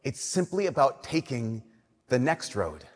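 A young adult man giving a sermon, telling animated stories and swinging between loud emphasis and soft, slow lines. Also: mid-range voice. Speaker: Catholic priest. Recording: long reverb of a church.

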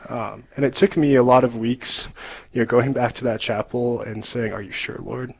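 A young man, a seminarian guest on a radio talk show, telling his story in an earnest, reflective way with soft laughs. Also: mid-range voice, fairly even intonation, moderate pace, vocal fry, rough recording. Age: young adult. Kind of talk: radio interview testimony.

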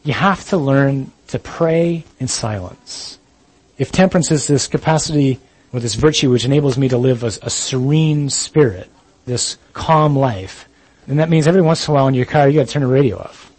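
A man's voice: mid-range voice, moderate pace, darkish tone, slightly rough, dry recording, poor audio. A Catholic priest giving a talk, earnest and blunt, speaking straight to his listeners and mixing in joking asides. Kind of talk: sermon-style talk on chastity.

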